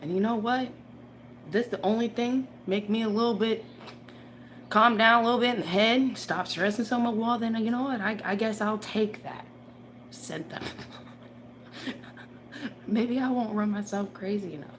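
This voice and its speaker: A woman's voice: on the high side, normal speed, long pauses. A woman reader talking casually in a rambling, profane monologue, laughing often as she rants. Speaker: tarot reader. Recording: background noise.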